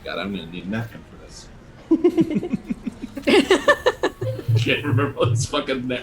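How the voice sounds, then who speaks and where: A man's voice: mid-range voice, wildly swooping pitch, takes it slowly, a bit bright, a little hiss or hum, poor audio. A man playing a tabletop game, joking around casually and swearing freely. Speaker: player.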